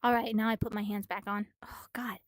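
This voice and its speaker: A woman streamer who is a little out of breath, rambling and gushing excitedly as she reads a comic aloud in a casual chat from her room. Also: mid-range voice, brisk, no echo, studio quality.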